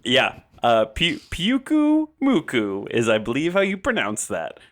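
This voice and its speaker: A man on a comedy podcast who talks in a lively, swooping way, with his pitch jumping up and down as he jokes through his ideas. His speech is casual and has some cursing in it. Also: measured pace. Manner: animated, swears, laughs while explaining picks. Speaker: podcast co-host.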